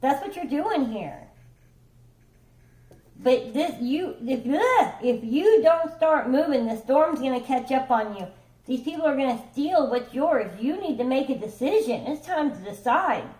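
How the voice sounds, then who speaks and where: A woman with a somewhat high voice talks through a tarot reading in a loose, rambling way. She keeps checking in with her listener and swears offhandedly. The room around her is noticeably echoey. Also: expressive, a little slow, a little mellow. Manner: rambling, conversational, swears casually, checks in with "okay?" and "right?". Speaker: tarot reader. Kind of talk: casual tarot reading monologue.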